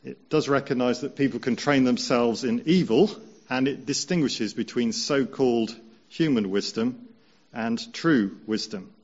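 Man, sermon, conversational preacher, mid pitch, dull lo-fi recording. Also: breathy edge. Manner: measured, conversational, slows down for emphasis.

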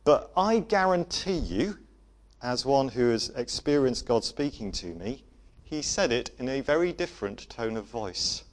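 Guy giving a sermon, soft and gentle, goes quiet on the key bits, mid pitch. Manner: gentle, varies loudness for emphasis, drops to soft tones. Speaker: preacher.

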